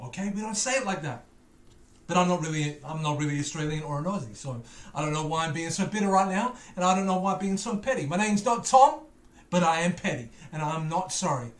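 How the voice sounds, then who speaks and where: A man's voice: on the high side, roomy sound. A man hosting a music reaction video, chatting casually with playful, teasing, self-mocking banter.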